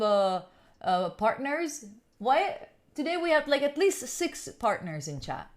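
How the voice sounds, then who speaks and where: A young Italian woman with a high, sing-song voice and slow pace hosts a study livestream from a room at home. She chats casually with live viewers, giggling as she answers their questions.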